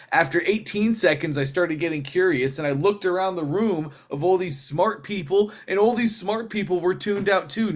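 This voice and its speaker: A man coaching a group in a casual teaching talk, telling stories in a lively, rambling way and acting out what people said. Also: high voice. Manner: animated storyteller who acts out quotes; loose and rambling, with restarts. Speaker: sales training coach.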